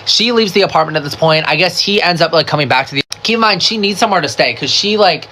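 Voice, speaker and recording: A woman telling a storytime while getting ready, gossipy and animated, swearing freely and packing every sentence with "like". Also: on the low side, fast talker, slight background noise. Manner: animated and profane, full of "like" fillers; gossipy, talks straight to the viewer with "girl" and "baby". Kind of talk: casual get-ready-with-me storytime.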